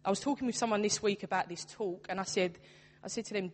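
Brisk and slightly breathy, this medium-pitched young adult woman is a church youth worker preaching in a church hall. Her sermon is earnest yet conversational, heard through long hall reverb.

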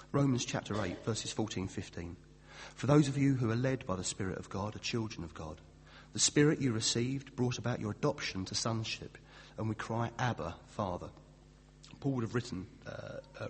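A man preaching a casual Christmas sermon, chatty and self-deprecating, with fillers and restarts. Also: medium pitch. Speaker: pastor. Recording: distant reverberant hall with faint hum.

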